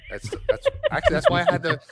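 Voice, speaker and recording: A man's voice: fast talker, no room sound, studio quality. A man hosting a casual quiz show podcast, joking and swearing as he reads out the questions. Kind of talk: casual game show chat.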